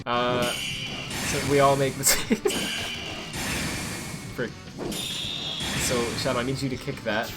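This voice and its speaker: A young man streams a video game and gives casual, rambling commentary full of fillers, restarts and self-corrections. His medium-pitched voice stays level as he speaks slowly with long pauses, and loud music plays behind him.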